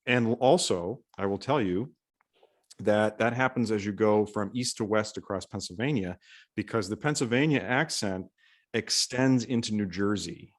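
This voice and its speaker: A man talks in a casual podcast conversation. He muses in a measured, thoughtful way, weighing each point as he goes. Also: fairly low pitch. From Pittsburgh, USA.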